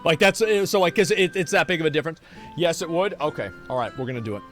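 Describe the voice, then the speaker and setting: A man's voice: fairly high pitch, quick pace, fairly bright tone, soft background music. Brash, profane male streamer. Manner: brash, profane, rambling, reacting to chat. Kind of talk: casual livestream chat.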